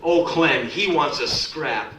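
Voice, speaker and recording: On stage at a music club, a man tells profane, sardonic spoken-word stories and acts out the characters' quoted voices. His voice sits on the high side with a fairly bright tone, and he takes things slowly. Captured from a distance in a roomy live recording, it carries a little hiss or hum.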